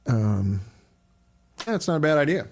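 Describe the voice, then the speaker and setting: A man's voice: a little high, big pitch swings, unhurried, slight background noise. A middle-aged man hosting a casual livestream, chatting loosely and greeting viewers by name as he answers their questions.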